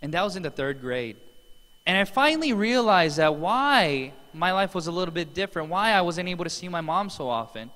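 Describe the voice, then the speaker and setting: A man's voice: sits high, big pitch swings, a little fast, bright, forceful tone. A man giving an earnest, emotional motivational testimonial as a seminar speaker in a large event hall. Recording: long hall reverb.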